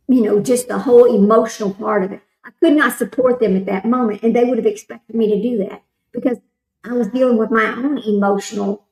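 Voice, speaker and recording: A woman's voice: on the high side, darkish tone, echoey room, low-quality recording. A woman hosting a casual livestream, rambling and talking straight to her viewers. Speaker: livestream host.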